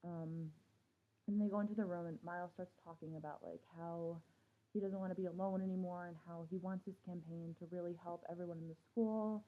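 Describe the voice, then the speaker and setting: A woman's voice: lowish voice, a little fast. A young woman recapping a TV episode in a casual, sarcastic rant full of swearing. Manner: animated, swears a lot, sarcastic. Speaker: TV show reviewer. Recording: tinny phone-like audio.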